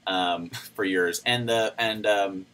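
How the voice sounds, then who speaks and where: Bright-voiced chatty livestream host man. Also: lowish voice, fairly even intonation, slow, clean tone, rough recording. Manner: chatty, rambling, greets viewers by name. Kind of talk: casual livestream chat reading viewer comments.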